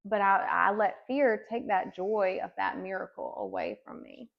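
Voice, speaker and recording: A woman's voice: mid-range voice, a little slow, creaky, dull audio. A woman in her thirties giving an earnest personal faith testimony as a podcast guest, telling her story with many casual fillers.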